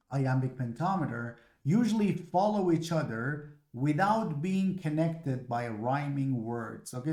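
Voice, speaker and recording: A man's voice: medium pitch, darkish tone. A man lecturing on poetry, explaining patiently step by step with frequent fillers. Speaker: literature lecturer. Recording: echoey room.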